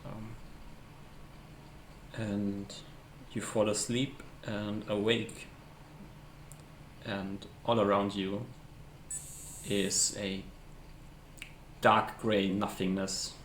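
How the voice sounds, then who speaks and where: A man's voice: lowish voice, little pitch movement, very slow, pauses often, fairly bright tone. A man narrating a tabletop game as game master, hesitant and often searching for words. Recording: echoey room, faint hiss.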